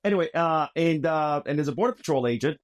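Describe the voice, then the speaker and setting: A man's voice: on the high side, lively intonation, fast. A man, a podcast guest who hosts a trivia show, talking energetically from his home recording studio and calling people dude and my friend. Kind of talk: lively storytelling conversation. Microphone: studio microphones overhead.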